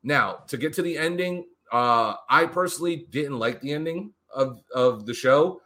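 A man casually recapping a wrestling show on a podcast, animated and profane, acting out what the wrestlers said. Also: a little high, moderate pace. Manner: animated, profane, acts out quotes. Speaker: podcast co-host.

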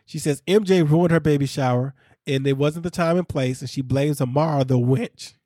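A man hosting a casual recap podcast, talking in an animated way, laughing and quoting people as he tells the story. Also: fairly high pitch, moderate pace, no echo, studio quality. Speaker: podcast host.

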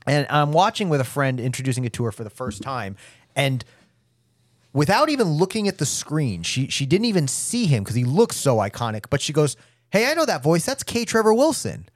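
A man hosting a podcast, chatting casually and telling stories with animated delivery. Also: medium pitch, brisk, dry recording, studio quality. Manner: animated storyteller, interviews guest. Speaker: podcast host.

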